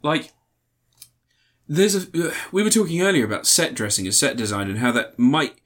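A man co-hosting a casual film review podcast, talking with animation, swearing freely and acting out scenes in quick put-on voices. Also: on the high side, very animated, fairly bright tone. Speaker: podcast co-host.

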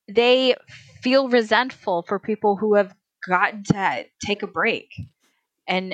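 A woman talks passionately in a relaxed podcast discussion. She is emphatic and drops into sarcastic rhetorical questions. Her voice sits at a middling pitch, and the recording is dry and close. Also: dry recording.

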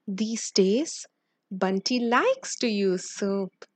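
A woman reading a children's story aloud in a slow, expressive way. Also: mid-range voice, dry recording.

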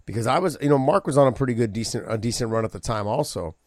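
A man co-hosting a podcast as a former fighter, telling stories in a casual, profane, animated way full of fillers. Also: mid-range voice, rapid-fire, dry recording, clean studio sound. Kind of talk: casual chat.

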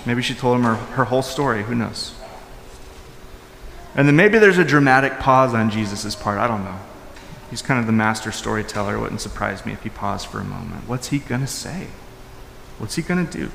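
Man, pastor, casual sermon, animated swings from loud to hushed, long echo, faint hum. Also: brisk, vocal fry. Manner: animated, swinging from loud high emphasis to soft low asides; informal, with fillers and restarts. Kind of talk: conversational sermon. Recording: echoey hall with long reverb.

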